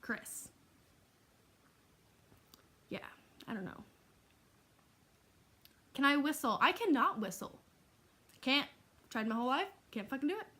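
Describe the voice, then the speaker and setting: Young woman, casual Q&A vlogger, chatty and a little higher-pitched, lots of "um" and "like". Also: sing-song, moderate pace, long pauses, a bit bright. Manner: chatty, laughing, with frequent "um" and "like". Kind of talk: casual Q&A vlog.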